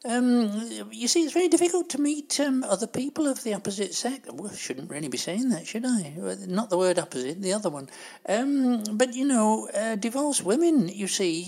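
A woman's voice: medium pitch, darkish tone. A woman playing a gossipy, bossy older lady who muddles her words and scolds the host. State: out of breath.

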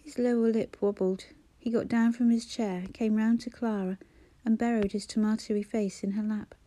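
A woman reads a novel aloud in a measured, expressive manner. Her voice is mellow and soft, with an even pitch. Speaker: audiobook narrator. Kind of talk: scripted narration.

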